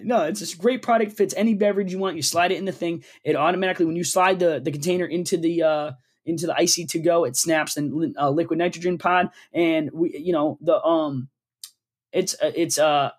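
Husky joking podcast co-host, man. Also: fairly even intonation, moderate pace. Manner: joking, laughs often, mock ad pitch. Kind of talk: casual chat.

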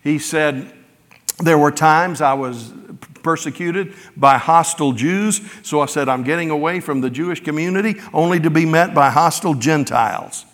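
A man's voice: on the high side, normal speed, fairly bright tone. A man preaching a sermon in a conversational way, retelling scripture in his own everyday words. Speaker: pastor. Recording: long hall reverb.

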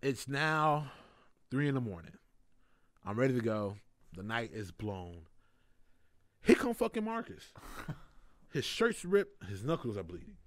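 A man's voice: mid-range voice, unhurried, long pauses, dry recording. A young man telling a story in casual chat, laughing often and acting out the voices of people in it. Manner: animated, laughing often, acts out voices in quotes. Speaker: comedian guest.

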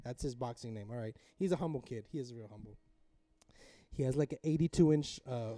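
A man's voice: medium pitch, brisk, no room sound, distant mic. A man telling a boxing story in casual chat. He swears a lot, gets carried away, and acts out the lines of the people in the story. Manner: excitable, swears a lot, shouts during the story, laughs often. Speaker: podcast co-host.

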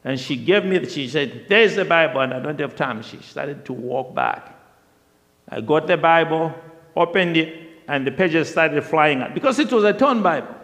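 A man telling a personal testimony in a lively storytelling way, often repeating himself, with the long reverb of a large hall. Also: fairly high pitch, moderate pace. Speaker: speaker sharing a testimony.

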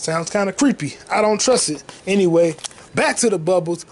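Hyped high-voiced man ranting on a podcast. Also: expressive, moderate pace, poor audio. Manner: hyped, profane, repetitive street slang. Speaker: podcast host. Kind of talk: casual solo podcast rant.

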